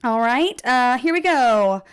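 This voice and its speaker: High, smooth-voiced woman hosting a livestream. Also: lively intonation, slow. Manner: chatty and upbeat, with laughs and fillers. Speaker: livestream host.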